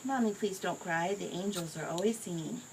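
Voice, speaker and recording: A woman reading a picture book aloud to her child in a gentle, expressive way. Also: lowish voice, moderate pace, rough recording. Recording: home recording with clear background noise.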